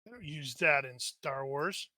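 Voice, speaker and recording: A man with a very bright, tense tone and a dry, close sound plays a tabletop game. He jokes and plans out loud, restarting his sentences as he goes. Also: a little high, no room sound. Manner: quick, joking, trails off in restarts. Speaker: player. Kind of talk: casual tabletop game chat.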